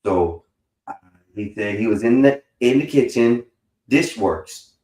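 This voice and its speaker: A man's voice: medium pitch, lively intonation, a little slow, a little mellow, reverberant, poor audio. A man hosting a live stream in casual chat, rambling and slangy, swearing freely and calling people bro. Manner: rambling, slangy and profane, says bro a lot. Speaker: streamer host.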